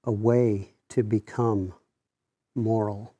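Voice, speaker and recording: A man, a minister, speaking haltingly with many restarts in a conversational discussion. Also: fairly low pitch, level tone, dark tone.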